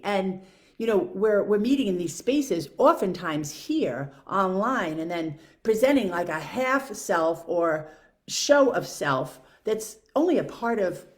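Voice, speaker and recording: A woman vlogger talking through her own thoughts in a candid, self-questioning, casual monologue. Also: mid-range voice. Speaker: video blogger. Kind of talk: reflective personal monologue.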